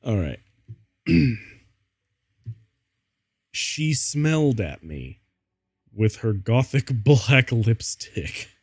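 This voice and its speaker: A man's voice: medium pitch, sing-song, very slow, long pauses, a little mellow, husky, no room sound. A man streaming as he reads fan fiction aloud, giggling and breaking up with laughter. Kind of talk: casual comedic reading.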